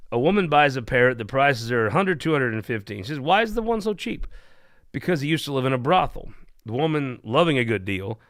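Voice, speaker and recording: A man's voice: mid-range voice, fairly bright tone. A man hosting a political talk show, telling jokes and chatting in a rambling, irreverent way. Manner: irreverent, rambling, laughs at his own jokes. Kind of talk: casual joke-telling chat.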